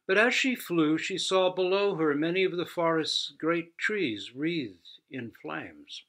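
Slow, expressive male storyteller. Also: on the high side. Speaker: Zen teacher. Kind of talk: storytelling talk.

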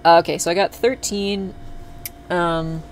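With a high voice, steady tone, and slow pace, a man chats casually to his viewers while streaming a game. He swears freely whenever things go badly, and faint background noise is audible.

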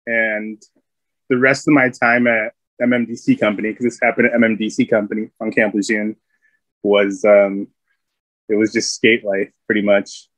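A man's voice: on the low side, little pitch movement, normal speed, fairly bright tone, no echo. A man, a Marine veteran, casually telling stories from his service, rambling with many fillers and frequent laughs. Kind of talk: casual storytelling.

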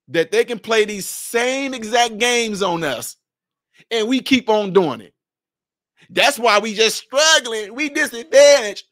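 Male commentator, high and sharp-toned, confrontational monologue, rhetorical questions, shouts then drops low. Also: no room sound, clean studio sound. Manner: swings between shouting and low, blunt asides. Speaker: social commentator.

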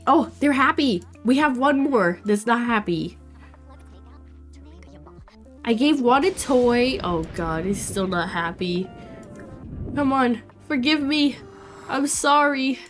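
A young woman streaming a life-sim game, chatting to her viewers in an excitable way with frequent exclamations and laughs. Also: a little high, takes it slowly, pauses often, faint music behind. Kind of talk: casual let's play commentary.

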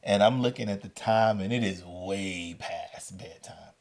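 A man hosting a storytelling podcast, telling a story with lively delivery and acting out the voices. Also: low-pitched, unhurried. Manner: animated, acts out the voices in his story. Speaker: podcast host and educator.

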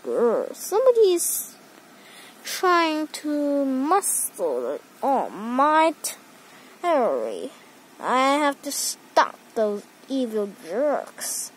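A tough male police dog hero growls about his territory, as a woman acts him out. His lines come out slowly and with determination. His voice leaps from low growls to high bursts. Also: breathy edge, heavily acted, low-quality recording.

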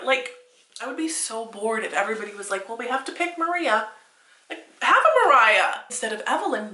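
A woman in her thirties, a baby name consultant, reacting to an article on camera, animated and increasingly exasperated, laughing often. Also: high-pitched, reverberant.

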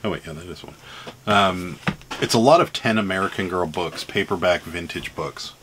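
A man with a Pittsburgh accent talks casually to the camera, rambling and filling gaps with ums and uhs. His voice sits low, with light laughter breaking in. A faint hiss lies under the recording. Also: moderate pace, fairly bright tone. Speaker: reseller vlogger. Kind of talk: casual vlog, showing items to camera.

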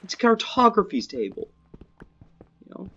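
A man's voice: normal speed, muffled recording. A man chatting casually while playing a game with a friend, teasing and bragging. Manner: boastful, teasing, lively swings in pitch. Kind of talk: casual gameplay chat.

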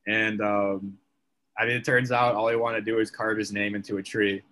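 A man's voice: on the low side, flat delivery, normal speed, bright, forceful tone. A young man, a podcast guest, telling a story in casual chat, leaning on "like" as a filler. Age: young adult. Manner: chatty, filler-heavy, leans on "like".

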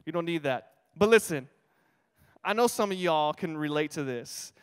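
Brief: high-pitched young male pastor, playful storyteller, long reverb of a church hall. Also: normal speed, smooth. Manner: energetic, humorous, repeats key phrases. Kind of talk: sermon with storytelling. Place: church sanctuary.

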